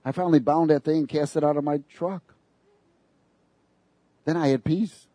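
A man preaching a sermon, lively and sarcastic, laughing between his points. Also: fairly high pitch, normal speed, no echo.

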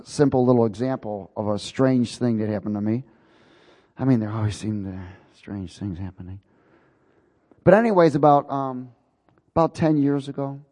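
A man's voice: medium pitch, darkish tone, in a large hall. A man preaching a sermon, telling a personal story in a folksy, chuckling way.

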